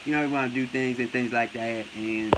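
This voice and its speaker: A low, sleepy-sounding boxer who mumbles and drawls, forever trailing off into "things like that", as a man puts him on. The voice sits well below the speaker's own pitch and comes out quieter and flatter. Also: fairly quick, heavy background noise, natural voice. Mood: drawling mumble. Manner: drawling, hesitant, trailing filler phrases.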